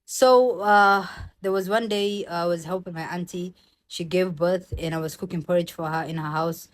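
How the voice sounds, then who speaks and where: Animated young woman storyteller. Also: fairly low pitch, normal speed. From Somalia. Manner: animated, acts out the other people's voices. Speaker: vlogger. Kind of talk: casual personal storytelling.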